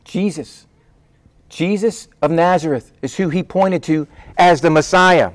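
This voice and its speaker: A man preaching a sermon in a conversational, animated way, acting out the voices of people in the story. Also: fairly high pitch, a little slow.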